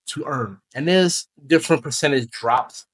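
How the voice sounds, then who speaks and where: A man's voice: fairly high pitch, normal speed, breathy edge. A young man casually reviewing a video game as a channel host, chatty and rambling, correcting himself as he goes. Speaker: gaming YouTuber.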